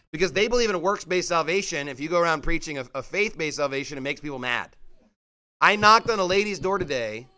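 A young adult man preaching a sermon, emphatic and forceful, with sudden rising outbursts. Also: on the high side.

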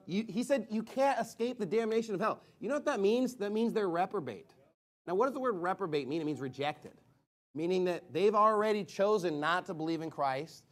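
Fiery high-voiced male preacher. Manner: emphatic, shouts key words, quick asides to the congregation. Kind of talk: fiery sermon. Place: church sanctuary.

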